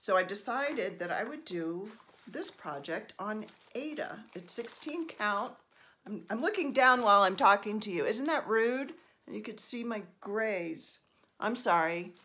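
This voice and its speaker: A middle-aged woman from New Jersey, with a medium-pitched, slightly bright voice, chats casually while stitching for her vlog. She rambles, pokes fun at herself, and says "um" a lot.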